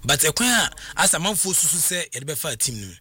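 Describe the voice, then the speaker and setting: A man's voice: on the high side, sing-song, fairly quick, bright, forceful tone, slightly rough. A man with a Ghanaian accent hosting a radio sports news segment, talking casually with lots of fillers and restarts. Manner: hesitant, many fillers and restarts. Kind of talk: radio sports news chat mixing Twi and English.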